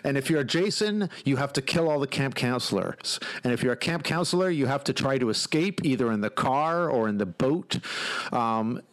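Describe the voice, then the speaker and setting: A man chatting casually about a video game and telling a funny story with growing excitement. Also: medium pitch, moderate pace. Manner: animated storyteller, laughs while telling.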